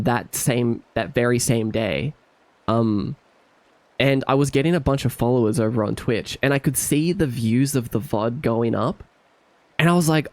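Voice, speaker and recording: A man's voice: mid-range voice, dry recording. A man streaming, chatting casually and animatedly, laughing often and sounding incredulous.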